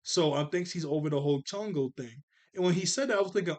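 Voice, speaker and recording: A man's voice: on the high side, fairly quick, hardly any pauses, a little mellow. A man in his twenties casually reviewing a cartoon episode, rambling and often correcting himself. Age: 20s. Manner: rambling, laid-back, self-correcting.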